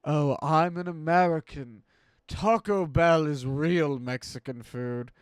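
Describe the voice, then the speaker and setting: A man's voice: a little high, slow pace, clean tone, no room sound, voice pushed down. A man putting on the voice of a smug, self-satisfied American who eats tofu, with sneering, exaggerated mockery. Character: mocking smug American tofu eater, male adult.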